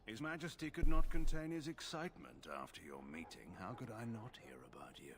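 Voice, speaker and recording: An actor playing a stern, guarded middle-aged general, speaking in a cool, measured, condescending way. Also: male voice, medium pitch, expressive, fairly bright tone, slight background noise. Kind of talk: video game voice acting.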